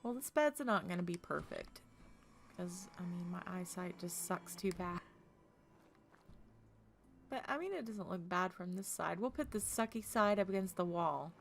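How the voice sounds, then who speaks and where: A woman's voice: on the low side, normal speed, vocal fry, long pauses, slight background noise. A woman from Oklahoma streaming a game, chatting casually with her viewers, laughing often and talking earnestly about her feelings. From Tulsa, Oklahoma.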